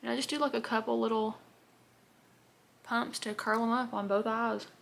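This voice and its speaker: Chatty woman with a gravelly edge. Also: fairly high pitch, fairly even intonation, normal speed, a bit bright. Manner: chatty, bubbly, rambling with fillers. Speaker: beauty vlogger. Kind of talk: casual get-ready-with-me chat.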